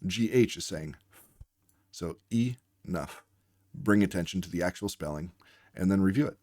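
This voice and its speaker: A man's voice: low voice, moderate pace, darkish tone, no echo, clean studio sound. A man working as a reading tutor, giving a patient lesson and sounding out words letter by letter. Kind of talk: instructional explainer lesson.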